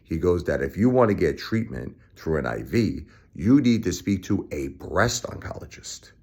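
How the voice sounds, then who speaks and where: A middle-aged man talking straight to the camera, profane and emphatic, his voice swinging between low muttering and high shouting. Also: big pitch swings, normal speed, creaky, husky. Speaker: vlogger. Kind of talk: angry personal vlog rant.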